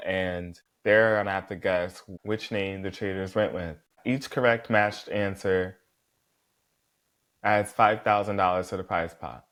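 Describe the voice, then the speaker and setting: Man, fairly low voice, sassy, animated, swears a lot, casual recap talk. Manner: chatty, talks straight to the viewer, fillers like "girl" and "like". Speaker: reality show contestant recapping his season.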